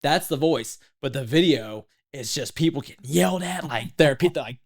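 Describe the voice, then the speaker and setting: A man's voice: on the high side, lively intonation, fairly quick. A man from East Texas, a podcast guest in his thirties telling stories in a laid-back, slangy way. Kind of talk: casual storytelling interview.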